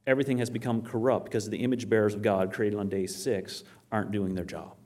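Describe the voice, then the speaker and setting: A fast-talking man with a voice on the low side preaches a Bible-based sermon. He asks his audience questions and supplies the answers, reads passages of scripture aloud, and tells stories with energy.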